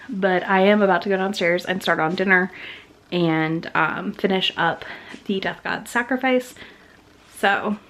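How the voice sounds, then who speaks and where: A woman talking casually in a chatty, candid way, like a book vlogger catching her viewers up. Her voice sits at an everyday middle pitch, and she sounds easygoing. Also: fairly bright tone. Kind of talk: casual vlog chat.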